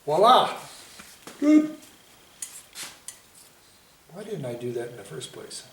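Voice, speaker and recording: A man giving a painting lesson, talking himself through each stroke in an unhurried, self-commenting way. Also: medium pitch, lively intonation, vocal fry. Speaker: painting instructor. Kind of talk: painting demonstration. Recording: echoey room, mic at a distance, faint hiss.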